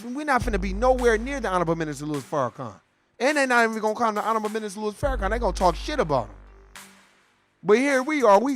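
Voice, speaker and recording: Heated high-voiced man ranting. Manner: profane, heated, repetitive, street slang. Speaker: commentator. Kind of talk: political rant monologue.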